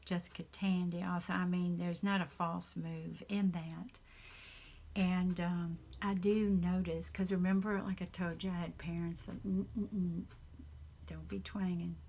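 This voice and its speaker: A woman from the Southern United States with a Southern accent, chatting casually in a soft, half-whispered, rambling and earnest way in her home craft room. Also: lowish voice, little pitch movement, measured pace. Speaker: craft channel host. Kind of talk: casual chat.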